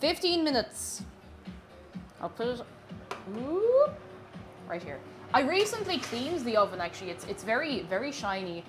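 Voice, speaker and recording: A woman's voice: fairly high pitch, big pitch swings, normal speed, over music. A woman chatting casually while she bakes in her home kitchen during a livestream, gushing about food and reading viewer comments aloud. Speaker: streamer.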